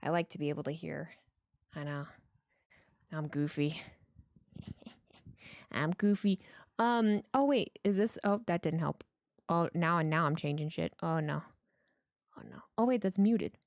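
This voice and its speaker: Animated, swearing woman streamer host. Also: lowish voice, moderate pace, no room sound, clean studio sound. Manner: chatty, profane, giggly. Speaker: livestream host. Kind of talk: casual livestream chat. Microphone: headset with mic monitoring.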